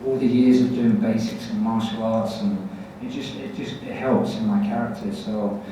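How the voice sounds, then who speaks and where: A man's voice: lowish voice, moderate pace. A man from Scotland with a London accent, a convention panel guest telling stories animatedly and mocking himself. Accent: London English with Scottish traces. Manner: animated, self-mocking, restarts often. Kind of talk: casual Q&A storytelling. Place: large convention hall. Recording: echoey hall, distant mic, noisy.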